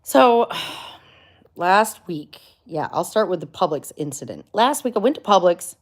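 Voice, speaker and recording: A woman's voice: on the low side, very animated, a little slow. A middle-aged woman vlogger from Florida, chatting casually and rambling through a story, full of likes and asides. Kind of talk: casual chat.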